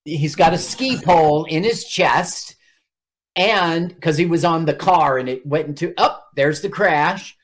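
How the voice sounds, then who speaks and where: A man's voice: a little high, measured pace. A man co-hosting a casual radio podcast, recapping a movie's plot and acting out its lines. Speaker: podcast co-host. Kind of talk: casual film-review chat.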